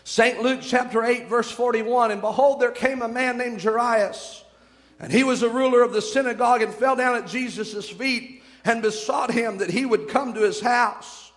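A preacher with a very high voice delivers a fervent sermon, stretching out scripture phrases for weight. The sound rings with the long reverb of a church hall. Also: male voice, a bit bright. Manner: fervent, slows to drawn-out emphasis on scripture.

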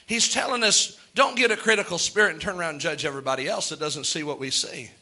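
A man's voice: a little high, fast talker, sharp tone. A man preaching a sermon from the pulpit, earnest and plain-spoken, rising to fervent outbursts. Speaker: pastor.

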